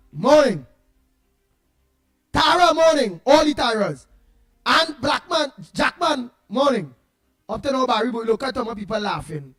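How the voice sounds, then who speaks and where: Trinidadian male radio host, very high voice, lively joking banter, faint music behind. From Trinidad and Tobago. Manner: animated storytelling, greets listeners by name, laughs at own jokes. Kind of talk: casual morning talk show banter.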